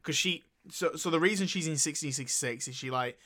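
A man's voice: fairly high pitch, a little fast, sharp tone. A young man co-hosting a casual film review chat, blunt and slangy in his opinions. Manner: blunt, slangy, says "bro". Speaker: podcast co-host.

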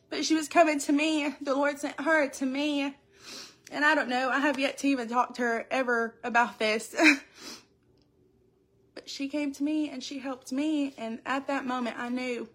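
A woman's voice: high voice, a bit bright. Tearful woman giving testimony. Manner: tearful, halting, earnest. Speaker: church speaker giving testimony. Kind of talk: emotional personal testimony.

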